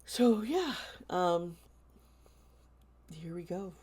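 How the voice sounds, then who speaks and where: A woman with a low voice talks slowly and earnestly to her viewers in a casual vlog. She often pauses, hesitates and restarts her sentences as she goes. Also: lively intonation, darkish tone, husky. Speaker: tarot channel host.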